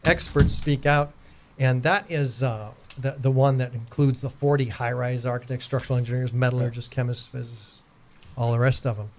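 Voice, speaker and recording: A man speaking as a guest in a casual podcast interview, explaining things in an earnest, measured way with fillers. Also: mid-range voice, fairly even intonation, slight background noise.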